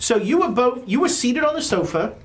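A woman running a tabletop role-playing game as game master, questioning the players in a lively way. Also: on the high side, a little fast. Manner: lively, interrogating in character.

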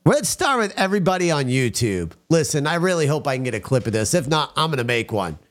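Talking fast and very animated in a voice on the high side, this podcast host bantrs and rants crudely and bluntly on his talk show, often addressing listeners as folks.

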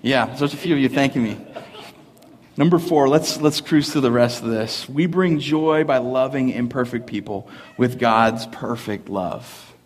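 A young adult man, a pastor, preaching a sermon at a church service, mixing lively family stories and laughter with earnest points. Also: medium pitch, a little slow. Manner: animated, laughing storyteller who then turns earnest. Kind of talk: sermon with humorous storytelling.

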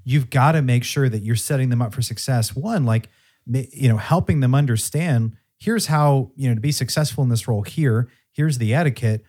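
Man, podcast host, casual interview, reflective summarizing, mid pitch. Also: normal speed, dark tone. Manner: thoughtful, sums up the guest's points.

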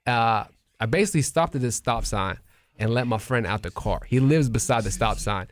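A man's voice: mid-range voice, moderate pace, no echo. A man in casual chat with friends, animatedly retelling a story with acted-out quotes and profanity.

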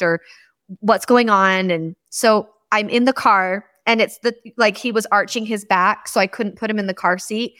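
A woman hosting a podcast, chatting casually and telling animated stories, acting out the quotes of the people in them. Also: mid-range voice, moderate pace, no room sound, studio quality. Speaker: podcast host. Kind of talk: casual chat.

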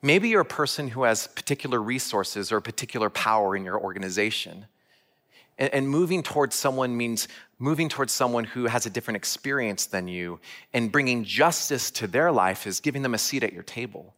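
A man's voice: mid-range voice, fairly quick, a bit bright. A man giving a sermon, telling a personal story earnestly and asking the listeners direct questions. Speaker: church speaker.

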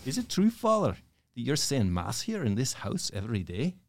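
A man's voice: mid-range voice, wildly swooping pitch, moderate pace, gravelly, pitched above the performer's own voice. An Irishman doing an eager Northern Irish neighbor. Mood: amazed. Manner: earnest, amazed.

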